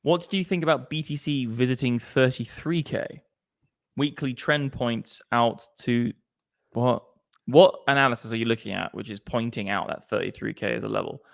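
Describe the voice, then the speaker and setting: A man's voice: medium pitch, moderate pace, gravelly. A man hosting a casual crypto livestream, chatty and slangy, swearing freely. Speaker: crypto stream host.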